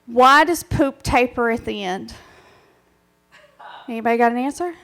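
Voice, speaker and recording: Woman comic presenter with a high voice, playful and crude, banters with a bar crowd. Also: normal speed, a bit bright. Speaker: presenter at a live bar show. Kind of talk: comic stand-up talk. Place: bar stage with live audience.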